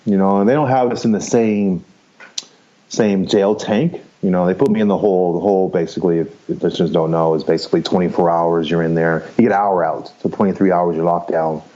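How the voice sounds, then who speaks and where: Deep-voiced man telling his story. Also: fairly even intonation, fairly quick, warm tone, highs cut off. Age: 50s. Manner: frank, rambling, laughs easily, swears casually. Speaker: podcast guest. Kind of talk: candid storytelling interview.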